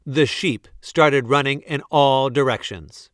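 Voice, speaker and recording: A man reads a children's story aloud at a slow, unhurried pace. His voice is smooth and clear, with a close, dry sound. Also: mid-range voice, no echo. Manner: slow, gentle, expressive storytelling. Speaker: storybook reader.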